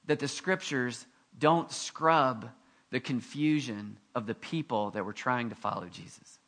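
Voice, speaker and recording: Male pastor, conversational sermon delivery, bright forward tone, jokes at his own expense. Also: mid-range voice. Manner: conversational and animated, with self-deprecating asides.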